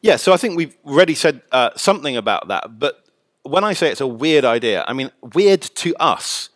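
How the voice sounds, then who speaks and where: A man explaining scripture as a guest scholar, measured and thoughtful with frequent pauses. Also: medium pitch, sing-song, a bit bright, dry recording. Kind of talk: explanatory teaching.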